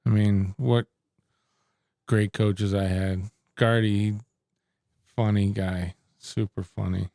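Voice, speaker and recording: Low-voiced man telling stories. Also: slow, long pauses, no echo, clean studio sound. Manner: animated storyteller who acts out quoted exchanges. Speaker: interview guest, former baseball pitcher. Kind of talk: casual storytelling interview.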